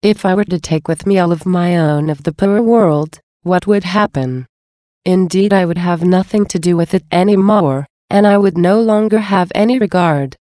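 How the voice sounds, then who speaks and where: A man's voice: sits high, moderate pace, a little mellow, dry recording, natural voice. Jesus, as a woman reads him, solemn and mournful. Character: grieving adult male Jesus, solemn and plaintive.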